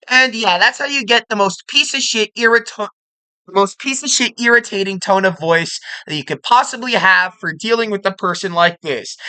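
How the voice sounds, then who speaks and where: A woman's voice: mid-range voice, bright, forceful tone, rough recording. A woman hosting an online commentary video, ranting bluntly with heavy swearing and sarcasm.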